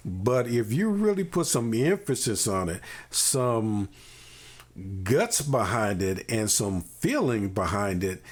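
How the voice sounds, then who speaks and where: A male podcast host speaks slowly and with real conviction, his voice rough and husky at the edges. His pitch rises and falls widely as he leans into a point, and he tosses in homely, folksy asides. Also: big pitch swings. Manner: earnest, emphatic, folksy asides. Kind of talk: conversational interview.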